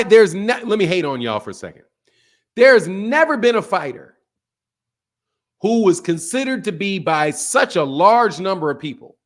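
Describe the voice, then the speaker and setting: A man with a fairly high voice hosts a live boxing stream and trash-talks with swagger. He laughs a lot and speaks. His delivery swings from shouted outbursts to low mutters. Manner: brash, trash-talking, laughs often, swings from loud to low. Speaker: boxing channel host. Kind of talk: live stream commentary with viewer chat.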